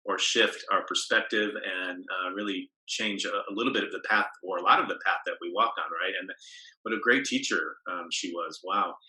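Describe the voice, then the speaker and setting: A man's voice: low-pitched, normal speed, sharp tone. A male interviewer asking attentive questions and affirming the speaker's answers. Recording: roomy echo.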